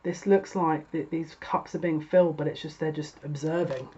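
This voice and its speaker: A woman's voice: sits low, fairly even intonation, moderate pace, dark tone, breathy edge, highs cut off. A woman giving a tarot card reading, chatty and exasperated, with laughing asides. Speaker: tarot reader.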